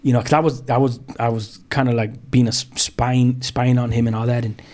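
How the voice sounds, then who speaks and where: Speaking fairly quickly in a level, mid-range voice with a darkish tone, a middle-aged pastor from South Central Los Angeles shares his testimony on a podcast. He peppers the story with "you know" and acts out the dialogue.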